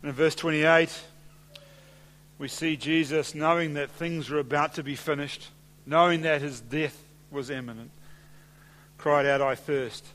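A man preaching a sermon in a church, measured and deliberate, dropping softer and slower when he quotes scripture. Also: fairly high pitch, fairly even intonation. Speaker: pastor. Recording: long hall reverb.

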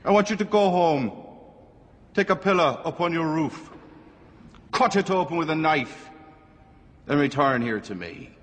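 A man's voice: a little high, expressive, a little slow, long pauses, in a large hall, voice pushed up. A man voicing a stern old parish priest who scolds, with a put-on Irish accent. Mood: scolding. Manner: sharp, scolding, emphatic.

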